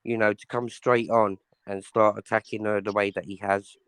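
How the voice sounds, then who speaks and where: A man's voice: fairly low pitch, little pitch movement, normal speed, a bit bright, smooth, no room sound. Defiant male livestream host. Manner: defiant, challenging chat to come on the panel. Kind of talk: confrontational livestream talk.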